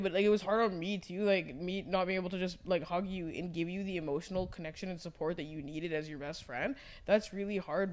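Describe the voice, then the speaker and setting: A podcast co-host, a woman telling a story in casual chat, loud and animated and swearing freely. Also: fairly low pitch.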